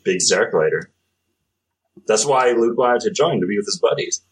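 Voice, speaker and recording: A man's voice: fairly low pitch, normal speed, breathy edge. A man playing along as a trivia contestant with friends, joking as he picks categories. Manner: animated, joking. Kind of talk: casual chat.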